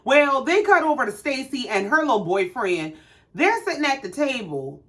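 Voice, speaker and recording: A woman's voice: high-pitched, sing-song, moderate pace, pushed and bright. A woman casually recapping a reality show with sassy, profane commentary.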